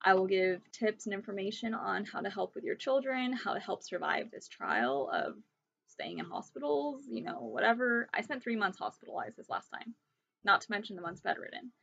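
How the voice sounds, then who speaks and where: A young woman speaks straight to camera at home, earnest and emotional, pleading with listeners again and again. Her voice sits at an ordinary middle pitch, captured on a somewhat dull, muffled home recording. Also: expressive, moderate pace, creaky, a bit bright. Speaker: vlogger sharing pregnancy illness resources. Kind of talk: earnest direct-to-camera vlog talk.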